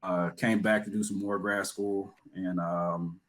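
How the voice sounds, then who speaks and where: A man from Georgia, a guest player, chatting in a relaxed and hesitant way with many fillers. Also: low voice, unhurried. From Georgia, USA. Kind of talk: casual chat.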